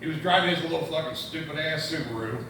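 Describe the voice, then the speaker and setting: A stand-up comedian from Indianapolis, USA, speaking at a quick pace in a fairly high voice, stammers and restarts through a profane, rambling story at a comedy club. He is picked up from a distance by an echoey room mic, with noise.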